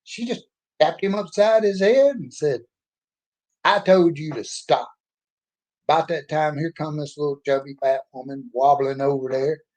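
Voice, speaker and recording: A man speaks in a slightly higher register. He tells a story in a folksy, blunt, opinionated way, as a casual monologue. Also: normal speed, mellow. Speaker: author and speaker.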